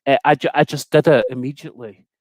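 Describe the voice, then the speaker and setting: A Scottish man speaking as a guest on a video call, talking casually and haltingly, often repeating his words. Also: mid-range voice, fairly even intonation, darkish tone, no echo. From Scotland. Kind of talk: casual conversation.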